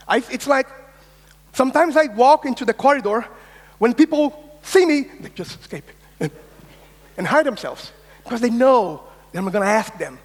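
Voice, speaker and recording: High-voiced man keynoting in a reverberant hall. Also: normal speed. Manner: energetic, insistent, swears, acts out quoted voices. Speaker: keynote speaker. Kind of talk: conference keynote talk. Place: large conference hall.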